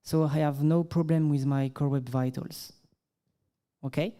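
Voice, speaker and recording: A man with a French accent presents a live tech demo at a conference, hesitating often and filling pauses. His voice is mellow and warm, and he speaks English as a second language. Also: a little high, steady tone, smooth. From France. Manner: hesitant, apologetic, many fillers. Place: conference hall stage.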